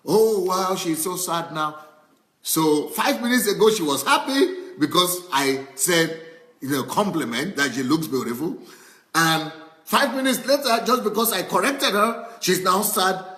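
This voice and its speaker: A male pastor preaching a sermon in an animated way, acting out anecdotes and repeating his points. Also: sits high, measured pace, echoey room, rough recording.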